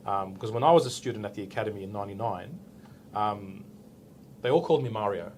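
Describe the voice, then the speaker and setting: An Australian policeman in his forties, his voice on the low side and quick, tells a story casually during an interview. He's animated, acting out the dialogue and tagging lines with "right?", over a faint hiss or hum.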